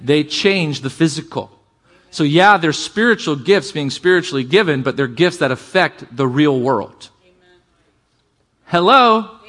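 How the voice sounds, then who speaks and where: A man preaching a sermon to a congregation, calling for amens and shifting between fast bursts and slow, quiet emphasis. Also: a little high. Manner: energetic preaching, calls for amens, varies pace and volume. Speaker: pastor.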